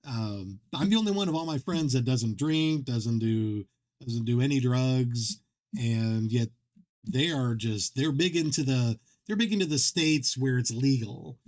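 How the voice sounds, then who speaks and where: A man's voice: medium pitch, animated, unhurried, darkish tone. Rambling man chatting on a game stream. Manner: rambling, self-deprecating storyteller with many restarts. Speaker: livestream host. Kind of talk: casual chat while streaming a game.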